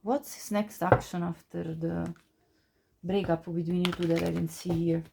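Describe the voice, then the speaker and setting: A woman's voice: fairly low pitch, fairly even intonation, normal speed, vocal fry, heavy background noise. A woman giving a casual pick-a-card tarot reading, chatty, with frequent laughs and many fillers and restarts. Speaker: tarot reader.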